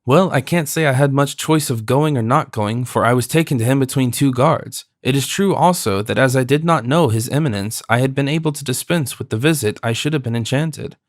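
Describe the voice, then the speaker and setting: A man voicing a cowardly, greedy fifty-year-old mercer in an audiobook, puffed up with pride and quick to panic. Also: mid-range voice, no room sound, studio quality, natural voice. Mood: pompous. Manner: pompous, then nervous. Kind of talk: audiobook character voice.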